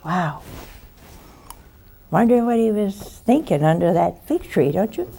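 A woman preacher giving a sermon, swinging between loud exclamations and hushed asides and laughing often. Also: medium pitch, big pitch swings, moderate pace, vocal fry, slight background noise.

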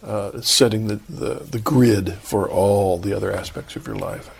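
A man hosting an interview and asking measured, searching questions. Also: lowish voice, gravelly, slightly rough. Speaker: interview host.

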